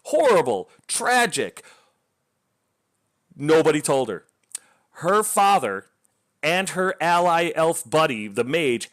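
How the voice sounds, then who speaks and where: Blunt, sarcastic male book reviewer. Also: mid-range voice. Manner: blunt, sarcastic, exasperated, swears freely. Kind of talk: casual book review rant.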